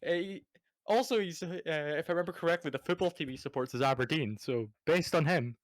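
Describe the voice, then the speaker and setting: A man's voice: fairly high pitch, a little fast, no echo. A Scottish man chatting casually on a podcast, swearing and stammering through restarts. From Scotland. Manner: rambling, profane, stammering restarts. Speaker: podcast panelist.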